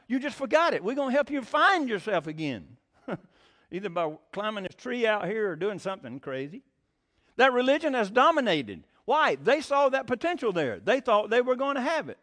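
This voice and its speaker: Man preaching; high, very expressive voice, acts out voices, keeps asking the room questions. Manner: animated, acts out quoted voices, laughs often; rhetorical questions to the congregation. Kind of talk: sermon.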